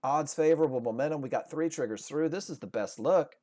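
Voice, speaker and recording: A man's voice: fairly high pitch, fairly quick, warm tone, natural voice. Man voicing impatient pushy market sellers. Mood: insistent.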